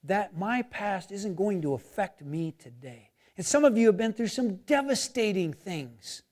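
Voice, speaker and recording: A male pastor preaching a sermon in an animated, conversational way, acting out imagined inner voices and moving between loud emphasis and quiet, intimate asides. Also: high voice, a little slow.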